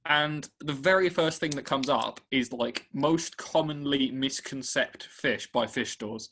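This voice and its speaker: A young man co-hosting a casual podcast, telling an animated story and acting out both sides of a conversation. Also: medium pitch, unhurried, a little hiss or hum. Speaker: podcast co-host. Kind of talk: casual chat.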